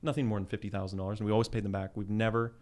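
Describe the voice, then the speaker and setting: A man in his thirties from Canada, casually telling a business story in an interview, animated and quick to laugh. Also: on the low side. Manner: animated storyteller, acts out quoted voices with laughs. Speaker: guest entrepreneur.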